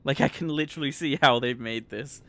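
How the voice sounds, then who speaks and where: A young man chatting casually while livestreaming a game, excitable and prone to nerdy tangents about graphics. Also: medium pitch, brisk. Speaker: game streamer.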